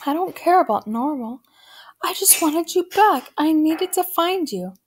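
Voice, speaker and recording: A tearful mother with a high, trembling voice, put on by a woman narrating a storybook. She speaks with a faint gravelly edge. Her lines come out emotional and pleading. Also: animated, moderate pace, slight background noise. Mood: distraught.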